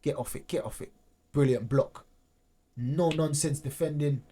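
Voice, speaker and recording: A man hosting a fan channel, commenting casually and excitedly over highlight clips, often repeating himself and restarting sentences. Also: measured pace, husky. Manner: excitable, repeats phrases, many restarts and fillers. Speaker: football fan channel host.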